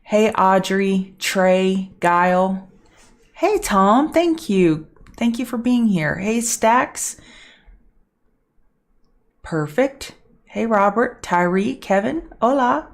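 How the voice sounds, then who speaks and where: A middle-aged woman hosting a live trading show, chatty and friendly, keeping her voice down so she doesn't get loud. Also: medium pitch, expressive, extremely slow, pauses often. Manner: chatty, greeting viewers by name; kept softer to avoid being loud. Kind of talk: live-stream market chat.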